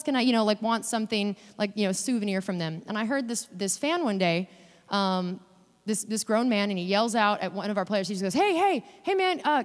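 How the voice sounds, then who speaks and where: A woman giving a guest sermon in a chatty, animated way, acting out quoted voices as she talks. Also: medium pitch. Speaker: guest preacher. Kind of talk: conversational sermon. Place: church sanctuary. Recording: long hall reverb in a church.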